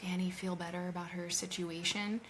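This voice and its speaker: A woman's voice: fairly low pitch, little pitch movement, normal speed, fairly bright tone. A woman co-hosting a podcast, chatting casually about a TV show with many fillers and restarts. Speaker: podcast co-host. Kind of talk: casual chat.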